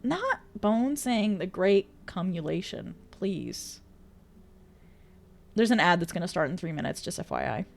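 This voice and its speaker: A woman's voice: lowish voice, sing-song, moderate pace, creaky, hardly any pauses. A woman streaming live, chatting casually and reading out viewer messages, exclamatory, swearing freely and laughing often.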